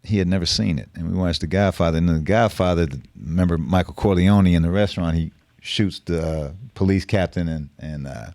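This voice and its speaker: A man's voice: low-pitched, brisk, darkish tone, no room sound. A middle-aged man telling a story on a podcast, casual and profane with street slang. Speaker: podcast guest.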